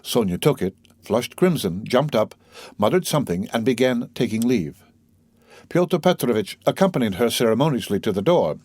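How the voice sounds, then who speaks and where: A man narrating a classic novel as an audiobook in a steady, plain reading voice. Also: mid-range voice, normal speed, no room sound, studio quality. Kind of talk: scripted narration.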